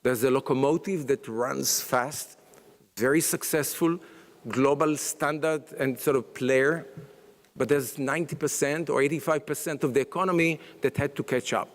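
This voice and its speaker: A man's voice: medium pitch, moderate pace. A man giving a conference panel talk, hesitant with many fillers and restarts, in a conference hall. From Israel. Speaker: panel speaker. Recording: long reverb of a large hall.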